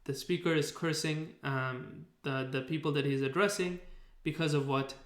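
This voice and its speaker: A man with a slightly high voice teaches a recorded lesson, explaining step by step with plenty of ums and self-corrections. The sound has a roomy echo around it. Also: fairly even intonation, normal speed. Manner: patient explaining with fillers and restarts. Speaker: Arabic teacher. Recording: echoey room.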